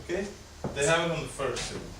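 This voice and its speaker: A man's voice: a little high, sing-song, fast talker. A male language teacher explaining grammar step by step to a class in a classroom lesson. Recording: echoey room, distant mic, noise.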